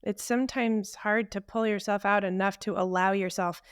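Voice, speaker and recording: A woman co-hosting a casual podcast chat, speaking at a mid-range pitch. She sounds supportive and affirming and often murmurs agreement. The recording is dry, with no room echo. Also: fairly even intonation, moderate pace, clean tone. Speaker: podcast co-host.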